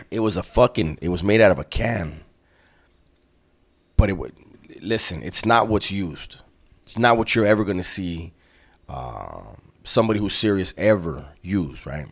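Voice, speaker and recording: A very low-pitched man, telling a story in relaxed, slangy street talk. He clears his throat often and checks in with a "right?" as he goes. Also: normal speed, long pauses. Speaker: storyteller recounting prison life. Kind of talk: casual storytelling.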